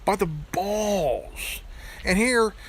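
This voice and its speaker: A man's voice: high voice, drawn-out words, a little hiss or hum. A man hosting his own channel, talking in a crude, profane vlog rant full of stammered restarts. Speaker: channel host.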